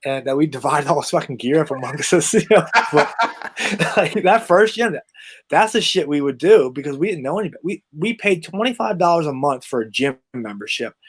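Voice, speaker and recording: A man who is an interview guest and gym owner, telling stories casually with lots of swearing, often trailing off quietly. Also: on the high side, fairly quick, husky. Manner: profane, animated storytelling, trails off quietly.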